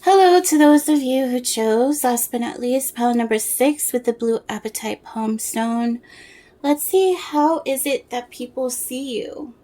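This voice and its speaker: A woman giving a casual tarot reading to the viewer, soft-spoken and rambling as she searches for words through fillers and restarts. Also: high-pitched, measured pace. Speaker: tarot reader.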